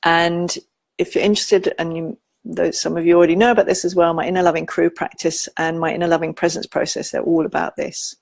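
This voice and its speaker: A woman giving a gentle, informal talk on parenting, teaching with soft asides and quoted examples. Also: lowish voice, flat delivery, fairly quick, creaky, dry recording. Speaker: parenting educator.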